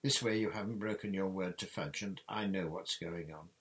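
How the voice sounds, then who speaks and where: A man's voice: low-pitched, normal speed, a bit bright. A man voicing an earnest, stubborn teenage boy wizard in a storybook reading.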